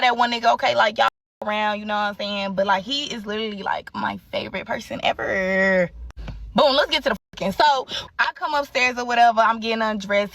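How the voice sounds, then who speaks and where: A woman's voice: mid-range voice, fairly bright tone, no room sound, far from the mic. A young woman telling a candid story in casual, profane chat, full of fillers and asides.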